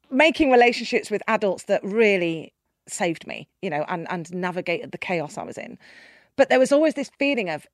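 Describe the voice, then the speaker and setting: A middle-aged woman tells her story in conversation, candid and emphatic. Her voice sits at a middle pitch and sounds close and dry, with no room around it. She moves quickly between hushed and loud. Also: no echo. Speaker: guest, keynote speaker.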